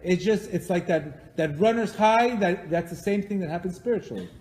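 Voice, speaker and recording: A man's voice: high-pitched, expressive, normal speed, a little mellow. A man leading a live religious class, emphatic and repetitive, acting out the prayers he quotes. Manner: emphatic, repeats phrases, acts out quoted prayers. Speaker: teacher leading a weekly class. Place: synagogue or class hall. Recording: long hall reverb.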